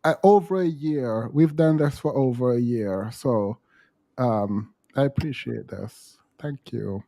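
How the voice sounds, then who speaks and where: A man's voice: mid-range voice, takes it slowly, gravelly, mellow. A man hosting a casual podcast chat, talking in a hesitant way with many ums and restarts. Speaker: host.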